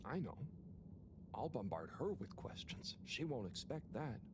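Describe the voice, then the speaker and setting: An actor playing a shy, tired young man who mutters to himself and talks to his pet fish in soft, half-whispered asides, in a video game. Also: mid-range voice, sing-song, measured pace, background noise. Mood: muttering. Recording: game audio with ambience.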